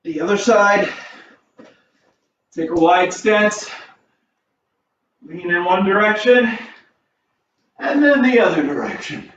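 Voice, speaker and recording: An American man with a high voice talks slowly and upbeat as he leads a karate warm-up. He is recorded from across an echoey garage, so the sound is dull and a bit distant. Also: animated, slight background noise. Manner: counts reps in Japanese, upbeat. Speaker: karate instructor. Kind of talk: warm-up exercise instruction. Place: home garage.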